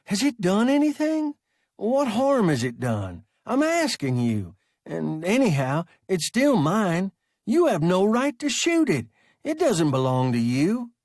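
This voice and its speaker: A man's voice: very high-pitched, wildly swooping pitch, slow pace, few pauses, dry recording, clean studio sound, voice pushed up, full character voice. A man voicing an agitated, defensive young spaceman who pleads and insists. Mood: indignant.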